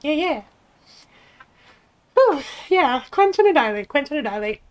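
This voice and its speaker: A woman's voice: sits high, very animated, normal speed. A woman co-hosting a game stream, chatting in an enthusiastic, supportive, giggly way. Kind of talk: casual chat.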